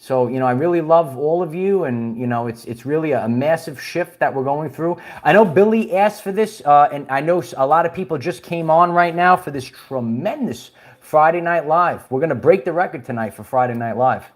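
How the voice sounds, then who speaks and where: A man's voice: fairly high pitch, brisk. A man hosting a casual spiritual livestream, rambling with many restarts and chuckles while he greets viewers and reads their comments. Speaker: livestream host.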